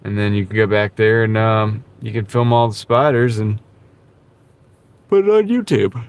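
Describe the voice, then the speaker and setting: A man with a slightly low voice talks casually to his live-stream viewers from the driver's seat. He rambles in a laid-back way and drops "dude" here and there. He is recorded on a small clip-on mic. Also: level tone, normal speed, clear, resonant tone. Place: in a car while gig driving. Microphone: wireless clip-on mic.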